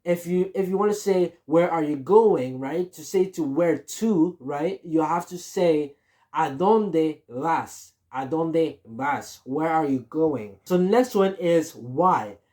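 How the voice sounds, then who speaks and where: A Spanish teacher giving a casual beginner lesson, repeating each example phrase slowly and often checking in with "right?". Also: mid-range voice, mellow.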